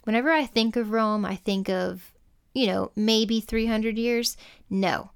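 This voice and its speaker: Smooth-voiced woman reading history facts. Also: on the high side, a little slow. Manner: reads prepared facts, then jokes dryly. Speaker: podcast co-host. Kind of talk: casual history podcast chat.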